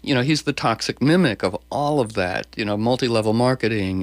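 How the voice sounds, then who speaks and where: A male host talking in an excitable, stumbling way, full of restarts. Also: mid-range voice, brisk, hardly any pauses, dry recording. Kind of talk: conversational interview.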